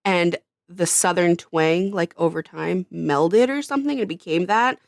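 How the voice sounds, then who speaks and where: A woman with a New York–New Jersey accent, co-hosting a podcast in animated, rambling casual chat. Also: fairly low pitch, unhurried, creaky, dry recording, studio quality. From United States. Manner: animated, rambling, self-mocking. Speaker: podcast co-host.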